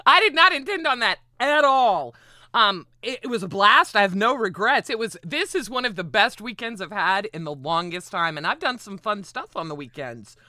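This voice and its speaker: Excitable, swearing woman streamer. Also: mid-range voice, moderate pace, no echo, studio quality. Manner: excitable, rambling and profane. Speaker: livestream host. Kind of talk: casual stream chat.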